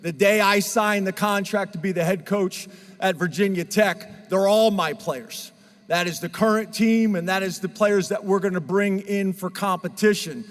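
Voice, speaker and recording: A man's voice: sits high, fairly even intonation, moderate pace. A middle-aged man speaking as head football coach at a press conference, earnest and emotional, choking up at times. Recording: long hall reverb.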